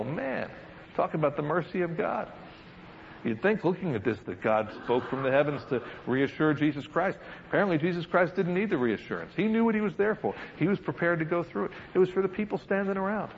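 A man's voice: on the high side, a little fast. Man teaching scripture, dull lo-fi recording. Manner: lively, laughing asides, reads scripture then comments. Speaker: preacher. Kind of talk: verse-by-verse Bible teaching. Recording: dull lo-fi sound with faint background noise.

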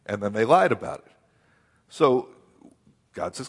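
A man preaching a sermon, telling a scripture story in a folksy, animated way with rhetorical questions. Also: mid-range voice, a little slow, pauses often, husky. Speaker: pastor. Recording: long hall reverb.

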